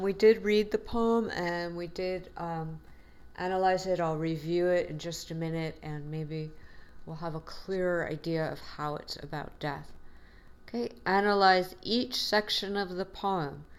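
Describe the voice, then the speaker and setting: A woman's voice: on the low side, steady tone, measured pace, smooth. A woman teacher giving a classroom lecture in a patient, encouraging way, with frequent fillers.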